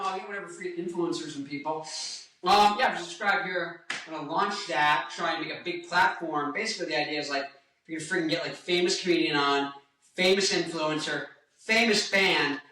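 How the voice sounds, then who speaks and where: A man's voice: a little high, brisk, pushed and bright. Rambling young man in an echoey room. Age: 20s. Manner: hyper, joking, goes off on tangents. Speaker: rock guitarist and singer. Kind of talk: rambling casual vlog. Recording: echoey room, mic at a distance.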